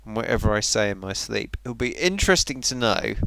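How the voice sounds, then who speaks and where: A man's voice: on the low side, lively intonation, a little fast, creaky, pushed and bright, dry recording. A man chatting on a livestream in a sleepy, rambling way. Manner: drowsy, rambling. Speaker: streamer. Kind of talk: casual livestream chat.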